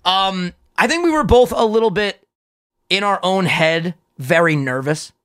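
Young guy cohosting a podcast, swears a lot, loud and pumped, bright voice. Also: high-pitched, lively intonation, measured pace. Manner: loud, profane, hyped. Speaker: podcast co-host. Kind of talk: casual podcast chat.

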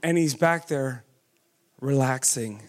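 A man preaching a sermon who keeps asking the audience questions and urging them on with "come on", his pace swinging between quick runs and slow, drawn-out words. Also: medium pitch.

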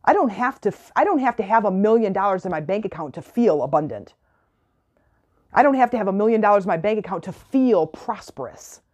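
A woman's voice: on the high side, dark tone, highs cut off. Emphatic woman giving a motivational talk. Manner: emphatic, repeats phrases, acts out callers' questions. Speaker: self-help coach.

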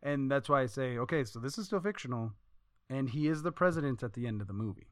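A man's voice: mid-range voice, fast, no echo, studio quality. A man co-hosting a podcast, telling stories in a rambling, profane, casual way. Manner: profane, rambling, animated storytelling. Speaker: podcast co-host. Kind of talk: casual chat.

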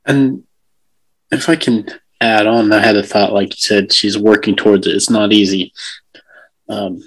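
A man's voice: lowish voice, fairly even intonation, measured pace, rough recording. A man co-hosting a podcast, reflectively explaining an idea step by step. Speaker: podcast co-host. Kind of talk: casual conversation.

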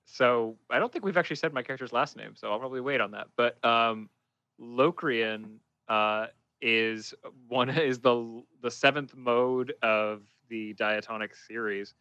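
A man's voice: medium pitch, measured pace, sharp tone, no echo, lo-fi sound. A man chatting casually as a podcast player, laughing often and self-deprecating.

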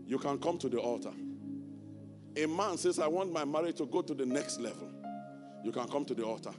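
A man's voice: medium pitch, expressive, a little fast. A man preaching a sermon and leading an altar call, repeating phrases in a fervent sing-song way and at times speaking in tongues. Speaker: pastor. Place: church sanctuary. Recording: long church reverb with music behind.

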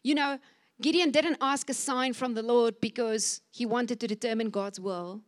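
A woman preaches a fervent sermon to her church, her voice sitting a little high. She pushes her listeners with urgent exhortation and bursts louder when she acts out the words of scripture. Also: moderate pace. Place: church service.

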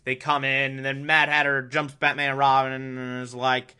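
A man's voice: mid-range voice, completely flat delivery, normal speed, few pauses, sharp tone, clean tone. A man giving a comedic recap of a cartoon episode, sarcastic and prone to exasperated rants. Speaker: show recap host.

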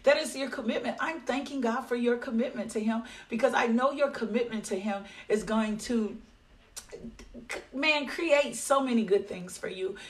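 A woman's voice: fairly high pitch, normal speed, distant mic. A woman leading a daily devotional, encouraging listeners and praying fervently with many repeated phrases. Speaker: devotional leader. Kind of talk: devotional talk and prayer.

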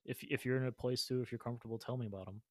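A podcast host talks quickly in a thoughtful, supportive way. The voice sits at a medium pitch. The recording is dry and close. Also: fairly even intonation, no echo. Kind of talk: conversational interview.

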